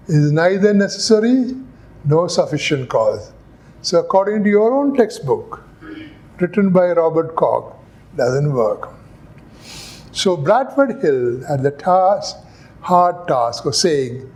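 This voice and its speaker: An older man from India lectures on epidemiology. He talks slowly, in a slightly raised voice, turning the lesson into stories full of rhetorical questions. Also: fairly high pitch, big pitch swings, a little mellow. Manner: slow, storytelling, acts out dialogue with rhetorical questions. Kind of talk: classroom lecture.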